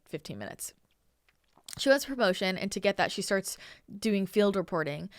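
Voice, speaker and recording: Here the channeler and host from Northern California sounds mid-range and fairly bright, her tone clean on a dry studio recording. She rambles through a story on her show in a casual, chatty way, with "like" and "you know" all over it.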